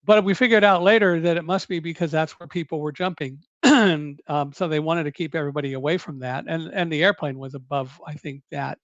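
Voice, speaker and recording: An older man telling his own survival story in an interview, in a measured, deliberate way with occasional self-corrections. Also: fairly high pitch, fairly bright tone, no room sound, lo-fi sound. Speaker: guest recounting a survival story.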